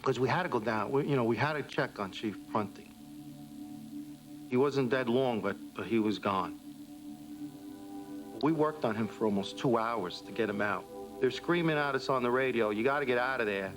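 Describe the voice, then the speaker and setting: A man, a firefighter, giving a plain, steady first-hand account in a documentary interview. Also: mid-range voice, normal speed, pauses often, over music, poor audio. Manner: plain, steady retelling with quoted speech.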